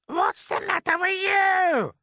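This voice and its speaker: A man's voice: on the high side, huge pitch swings, slow pace, gravelly, sharp tone, no room sound, studio quality, pitched above the performer's own voice, full character voice. A man voicing a spiteful old aunt in a storybook reading, screeching and snapping. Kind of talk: storybook character voice.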